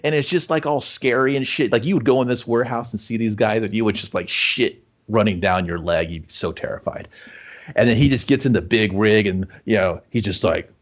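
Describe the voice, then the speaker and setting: A man's voice: on the low side, fairly quick. A young man co-hosting a casual podcast chat, rambling and swearing as he riffs on a movie plot and laughs at his own jokes. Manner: rambling, profane, laughs a lot while telling it. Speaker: podcast co-host. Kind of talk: casual chat, riffing a made-up movie sequel.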